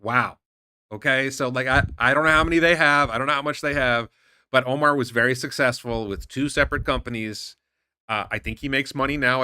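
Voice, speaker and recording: A man hosting a stock market commentary show, reacting indignantly to posts in a rambling, animated way with frequent restarts. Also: mid-range voice, dry recording. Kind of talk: casual commentary reading posts aloud.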